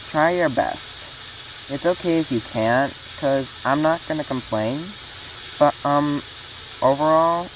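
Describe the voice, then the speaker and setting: Very low-voiced woman announcing a casting call. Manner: rambling with many fillers and restarts. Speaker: fan series creator running a casting call. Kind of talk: casual spoken announcement. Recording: noisy hiss in the background.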